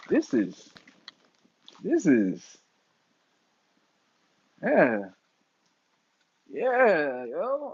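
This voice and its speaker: A young man, hosting a casual livestream monologue, animated and full of slang, swinging between loud bursts and mumbles. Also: on the high side, breathy edge, dry recording, lo-fi sound. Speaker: livestream host.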